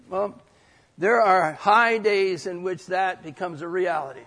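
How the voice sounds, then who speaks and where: A man preaching a sermon and reading scripture aloud, swinging between loud declaring and quiet, reflective reading. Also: high voice, unhurried. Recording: long hall reverb.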